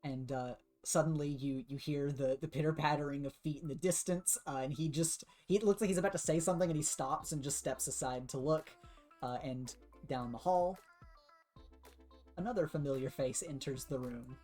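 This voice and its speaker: A woman narrating as game master of a tabletop game in a relaxed, chatty way. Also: deep voice, normal speed, faint music behind. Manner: relaxed, chatty, laughs often.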